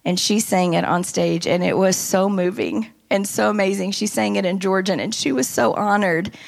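A woman casually telling a lively story about a conference trip, often quoting people in animated voices. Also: mid-range voice, normal speed, gravelly. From United States. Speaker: speaker recounting a women's conference trip.

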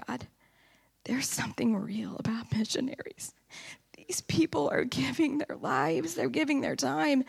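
A middle-aged woman giving a personal testimony at church, telling her story in an earnest, animated way. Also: medium pitch, creaky, slightly rough.

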